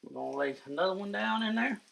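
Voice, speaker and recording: A man's voice: high-pitched, expressive, fast talker, gravelly, a bit bright, poor audio. A middle-aged man hosting a casual home cooking demo, chatty and folksy, talking to viewers as guys. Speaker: cooking show host. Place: home kitchen.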